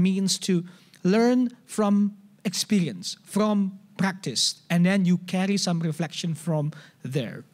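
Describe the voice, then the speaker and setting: A man with an Indonesian accent preaching a sermon at a church service, conversational and animated, often restarting and acting out examples. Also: high voice, a little slow. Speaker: pastor.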